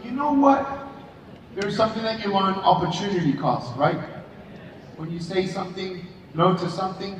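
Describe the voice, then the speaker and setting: Keynote speaker, man with a high voice, lively storyteller who acts out every part, caught from far back in a booming hall. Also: noisy background. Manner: animated, acts out dialogue with changing voices. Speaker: motivational speaker. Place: large convention hall stage. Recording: distant echoey hall, dull audience recording.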